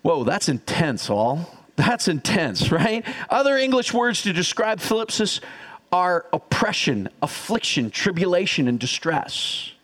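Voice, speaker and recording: A man preaching a sermon as pastor, energetic and teaching, calling on the congregation to repeat after him. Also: high voice, unhurried. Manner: energetic, teaching, audience call-and-response.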